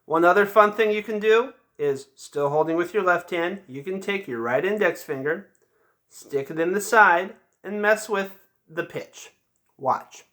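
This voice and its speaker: A male band teacher with a bright voice that sits a bit high for a man leads a patient, step-by-step lesson with lively intonation. He pauses often to check that students are following, keeping his instructions plain and encouraging.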